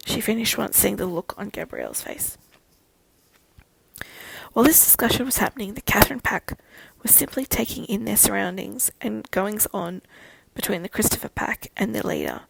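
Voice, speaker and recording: A woman narrating a fan fiction audiobook in a steady storytelling manner. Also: medium pitch, moderate pace, gravelly, husky, no room sound, poor audio.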